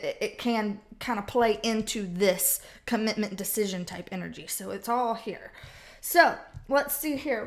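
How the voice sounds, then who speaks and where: A woman giving a casual tarot reading at home, talking bluntly with slang and plenty of swearing. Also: fairly high pitch. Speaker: tarot reader. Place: home with a cat.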